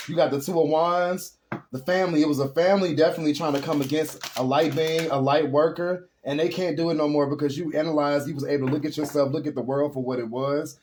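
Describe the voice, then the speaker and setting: A man's voice: fairly high pitch, darkish tone, a little hiss or hum. Earnest man giving a tarot reading. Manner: earnest, emotional, rambling; addresses viewers as y'all. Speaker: tarot reader. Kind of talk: casual spiritual tarot reading.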